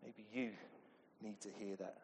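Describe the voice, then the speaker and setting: Chatty preacher in an echoey hall. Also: male voice, on the low side, fairly even intonation, a little slow, darkish tone, a little hiss or hum. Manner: conversational, asks the congregation questions. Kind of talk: sermon. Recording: echoey hall with long reverb.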